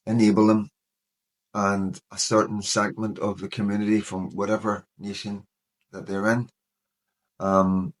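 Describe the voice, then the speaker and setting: A man in his fifties speaks in a somewhat low voice, earnest and worried. He delivers personal commentary straight to his viewers. He fills his sentences with "you know". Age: 50s. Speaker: vlogger.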